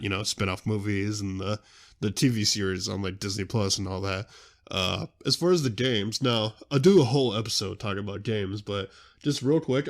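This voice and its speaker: A young man hosting a podcast in a casual, excitable, rambling way, often interrupting himself mid-sentence. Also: fairly low pitch. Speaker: podcast host.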